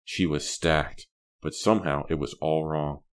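A man narrating an audiobook in a steady, measured reading. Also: extremely low pitch, clean tone. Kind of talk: scripted narration.

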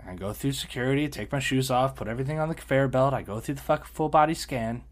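A man on a podcast telling a story in a casual, animated way, swearing and laughing as he goes. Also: mid-range voice, quick pace. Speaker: podcast co-host.

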